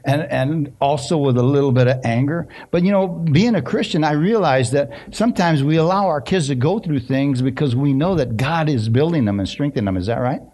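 A middle-aged pastor preaching a sermon in a conversational, storytelling way, often asking the congregation questions. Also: male voice, mid-range voice, darkish tone. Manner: conversational, asks the congregation questions, many restarts. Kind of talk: sermon with personal stories.

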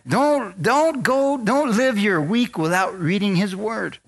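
A man's voice: high-pitched, takes it slowly. A man preaching a sermon as a pastor, speaking conversationally and asking the congregation for amens.

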